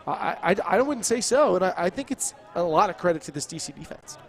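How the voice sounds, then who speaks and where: A man's voice: high-pitched, very animated, a little fast, vocal fry. A man giving sports color commentary, breaking plays down step by step in a wordy way with frequent restarts.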